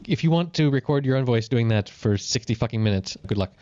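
A man's voice: medium pitch, animated, fast, mellow, no echo, lo-fi sound. A man co-hosting a podcast, telling a story in casual chat and swearing freely. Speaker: podcast co-host.

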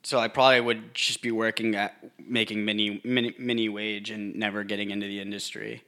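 Bright-voiced joking podcast co-host, a man. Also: on the low side, level tone, a little fast. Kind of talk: casual podcast chat.

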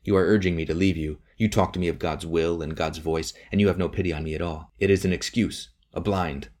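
A man reading the part of a bewildered young man who speaks slowly and low. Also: steady tone, darkish tone. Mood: bitter. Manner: slow, low and subdued.

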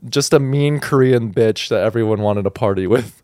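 A man co-hosting a podcast in casual chat, laid-back and quick to laugh. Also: lowish voice, dark tone, no echo, clean studio sound. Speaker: podcast co-host.

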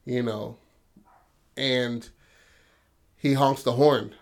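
A man's voice: medium pitch, fairly even intonation, drawn-out words. A man co-hosting a podcast, telling a story in a rambling, casual way and swearing freely. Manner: rambling, full of "you know what I mean", swears freely. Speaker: podcast co-host.

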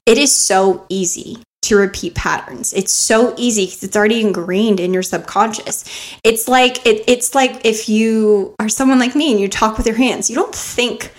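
A woman's voice: on the high side, moderate pace. A woman hosting a self-help podcast, talking earnestly and coaching her listeners with rhetorical questions, close to the mic. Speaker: podcast host. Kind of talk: motivational self-help talk.

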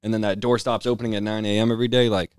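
Low-voiced man telling loose stories. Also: level tone, rapid-fire, clean tone, no echo, studio quality. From Western Massachusetts. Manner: loose storytelling with lots of fillers. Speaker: guest rapper. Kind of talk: casual interview chat. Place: house, indoors.

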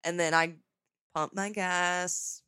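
A young adult woman hosting a podcast, telling a story in a casual, sarcastic, animated way. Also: lowish voice, slow, smooth, no echo. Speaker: podcast host.

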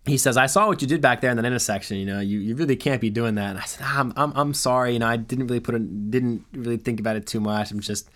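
A man's voice: mid-range voice, quick pace, hardly any pauses. A young man casually telling a long story, acting out quoted dialogue along the way. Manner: animated anecdote with quoted dialogue.

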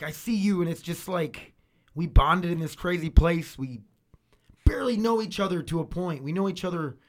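A man talking casually at home in a rambling way, swearing freely, with a washer running nearby. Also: a little high. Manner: rambling, swears freely, repeats words and restarts. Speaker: vlogger. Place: home room with laundry machine running.

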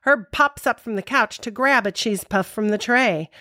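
A woman co-hosting a podcast, narrating scenes and trivia in a clear, measured way. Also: a little high, bright, forceful tone, no echo, clean studio sound. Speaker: podcast co-host.

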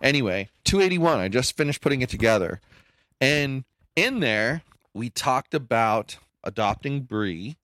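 Blunt middle-aged podcast co-host, lively pitch, dry close sound. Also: male voice, unhurried, no room sound. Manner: blunt, emphatic, swings up in pitch when making a point. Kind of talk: casual chat.

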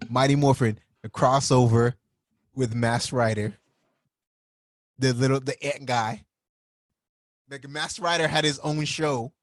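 A man talks in a casual, animated way, full of slang and quick laughs. His voice sits at an ordinary pitch, recorded dry and close with little room sound. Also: no echo. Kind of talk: casual chat.

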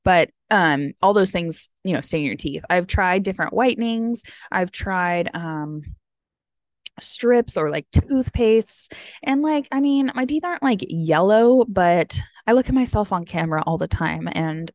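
A woman's voice: fairly low pitch, unhurried, no room sound. An American woman in her thirties, a vlogger chatting casually and rambling with lots of "like" and "um", a bit sniffly. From United States. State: sniffly from having teared up. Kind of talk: casual chat.

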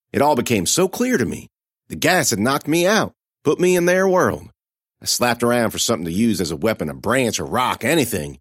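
A man reading a first-person horror story in a dramatic, expressive way. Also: medium pitch, dry recording, studio quality.

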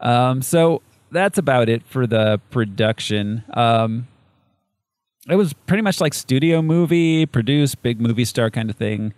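A man co-hosting a laid-back movie chat, talking in loose, rambling runs full of fillers and little laughs. His pitch moves around a lot as he goes, and the recording is dry and close. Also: lively intonation, unhurried, darkish tone, no echo. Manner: rambling, many fillers and restarts, laughs often. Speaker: podcast co-host. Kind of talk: casual movie review chat.

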